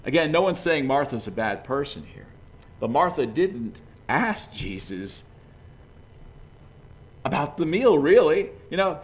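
A male preacher tells a familiar story in a relaxed, folksy sermon, sprinkling his speech with "you know." His voice sits a little high and swings widely up and down, rising and dropping with every turn of the story. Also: a little slow. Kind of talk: conversational sermon.

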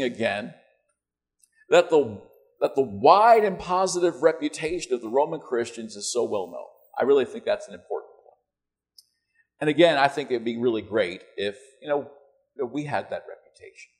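A man's voice: medium pitch, very animated, brisk. A man preaching a conversational sermon to his church, joking in asides and checking in with "right?" and "you know".

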